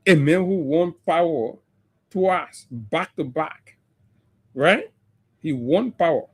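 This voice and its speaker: A man's voice: fairly high pitch, lively intonation, takes it slowly, breathy edge. A man with a Liberian English accent, hosting a radio talk show and delivering impassioned political commentary full of mockery and rhetorical questions.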